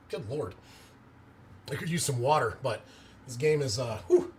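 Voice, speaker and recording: Excitable man calling football live. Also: medium pitch, unhurried, slight background noise. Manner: excitable, bursts into loud cheers; chats with viewers between plays. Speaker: live play-by-play streamer. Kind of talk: amateur live play-by-play commentary.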